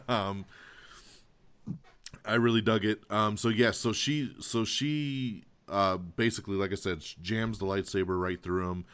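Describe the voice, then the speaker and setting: A man hosting a casual podcast chat, talking excitedly with lots of profanity and acting out quotes. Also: lowish voice, unhurried, smooth, dull audio. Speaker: podcast host.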